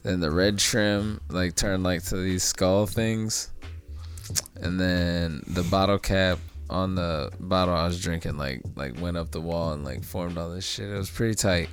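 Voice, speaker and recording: A very deep-voiced man talks as a guest in a casual chat. He tells things in an easy, drawn-out way, full of fillers. Faint music sits underneath. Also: fairly even intonation. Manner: laid-back, drawn-out recounting with lots of fillers.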